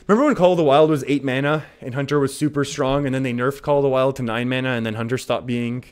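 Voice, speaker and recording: A man's voice: mid-range voice, fairly even intonation, fast, clean tone. Chatty Canadian man streaming a game. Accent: English Canadian. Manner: chatty, laughs often, reads viewer comments. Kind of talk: casual game commentary with chat.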